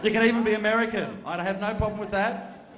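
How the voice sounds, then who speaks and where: Playful male emcee working a live room, high-ish voice, roomy sound. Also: quick pace, a bit bright. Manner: playful, teasing, bantering with guests. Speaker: event host. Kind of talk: emceeing a live audience show. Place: event function room. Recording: echoey event hall.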